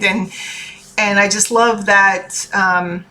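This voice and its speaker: A woman's voice: medium pitch, fairly even intonation, slow, pushed and bright, a little hiss or hum. A woman, a tarot reader and life coach, giving a chatty, earnest motivational talk to her viewers. She keeps checking in with "okay?" and swears casually. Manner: earnest and heartfelt.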